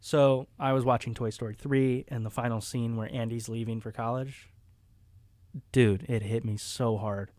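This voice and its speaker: A young man co-hosting a podcast in casual chat, telling personal stories in an animated way. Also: medium pitch, moderate pace, no room sound. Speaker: podcast co-host.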